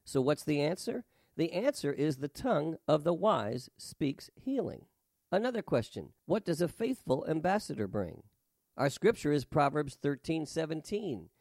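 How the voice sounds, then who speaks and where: Male preacher, emphatic and rhythmic, slightly high voice, dry close mic. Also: big pitch swings, normal speed, a little mellow, no room sound. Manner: emphatic, rhythmic delivery with rising stresses. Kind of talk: sermon with scripture reading.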